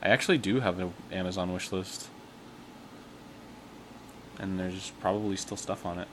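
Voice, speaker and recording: A man's voice: low-pitched, fairly even intonation, moderate pace, noisy background. A man hosting a casual livestream, talking playfully and rambling with a chuckle, into a desk mic. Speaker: livestream host.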